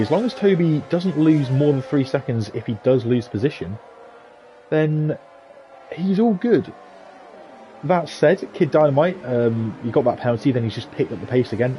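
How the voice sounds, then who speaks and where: Man, sim racing commentator, excitable play-by-play, chatty, mid pitch, loud game engine noise behind. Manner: chatty, excitable, asks co-host questions. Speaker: lead race commentator. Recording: noisy game car engine sound behind.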